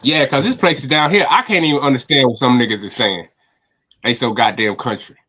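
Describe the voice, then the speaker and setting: A man on a podcast panel speaks in easygoing, profane banter. He mostly agrees with the others, and his voice sits at a middle pitch. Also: brisk, sharp tone, breathy edge, low-quality recording. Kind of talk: casual chat.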